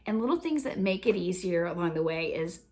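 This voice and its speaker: A woman teaching a laughter practice in a gentle, unhurried way, often dropping to a near whisper. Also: on the low side, expressive. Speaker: laughter coach. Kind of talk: instructional talk.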